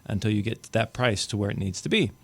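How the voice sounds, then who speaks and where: Lower-voiced talkative man on a podcast. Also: fairly quick. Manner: animated, talkative storyteller. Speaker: podcast co-host, realtor. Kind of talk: casual podcast chat.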